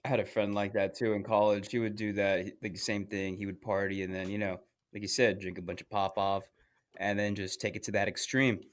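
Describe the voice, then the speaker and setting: Low-voiced, laid-back male co-host. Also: fairly quick. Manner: relaxed, swearing, chiming in with his own anecdote. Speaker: podcast co-host. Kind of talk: casual chat.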